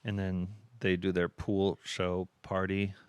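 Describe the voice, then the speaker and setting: Podcast co-host, man, deep and smooth voice, rambling storyteller, dry close mic. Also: monotone, slow pace, no echo. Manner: rambling storyteller, lots of fillers. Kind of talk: casual chat.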